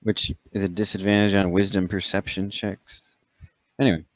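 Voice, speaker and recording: A man with a lowish voice explains tabletop game rules plainly and matter-of-factly. His voice is recorded dry, with no echo around it. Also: little pitch movement, moderate pace. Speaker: player. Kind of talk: casual tabletop game talk.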